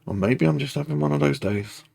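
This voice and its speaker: A man guides a tapping meditation in a heavily gravelly, husky voice, recorded close and dry. He speaks in slow, repetitive first-person affirmations. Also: mid-range voice, lively intonation, a little mellow, no echo.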